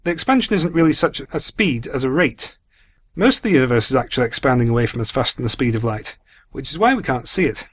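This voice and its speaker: A man answers listeners' astronomy questions on a podcast, explaining in a measured way. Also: mid-range voice, animated, slightly rough.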